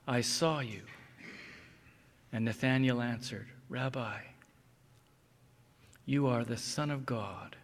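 Slow gravelly preacher in a reverberant hall. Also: male voice, mid-range voice, fairly even intonation. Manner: slow, deliberate, emphatic reading of scripture. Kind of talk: expository sermon. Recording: long reverb of a large hall.

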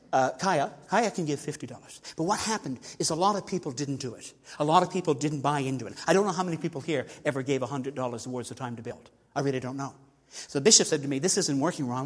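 A man's voice: medium pitch, fast talker, slightly rough. An older man preaching a folksy sermon on giving, calling on people in the pews by name. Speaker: visiting bishop's envoy preaching on tithing. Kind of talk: sermon with audience participation. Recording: long church reverb.

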